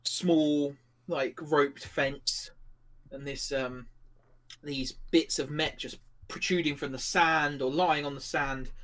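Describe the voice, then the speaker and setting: A man's voice: fairly high pitch, steady tone, slow pace, a bit bright. A man narrating a tabletop game as game master, in a rambling style full of fillers. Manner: rambling, filler-heavy description.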